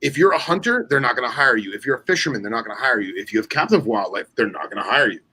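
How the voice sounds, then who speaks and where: A man's voice: medium pitch, very fast, breathy edge, poor audio. A man in casual chat on a podcast, telling stories with lots of fillers and restarts, acting out the dialogue of other people. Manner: animated storyteller acting out quoted dialogue; loose, with many fillers and restarts. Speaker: podcast co-host.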